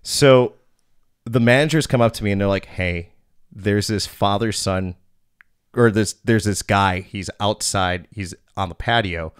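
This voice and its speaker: A man's voice: lowish voice, measured pace, smooth, no room sound, clean studio sound. A man in his thirties hosting a podcast, telling a bouncer story in a blunt, profane, casual way.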